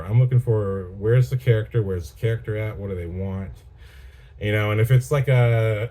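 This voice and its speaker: Low, mellow-voiced man reviewing a film. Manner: rambling and enthusiastic, many restarts. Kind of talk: casual chat.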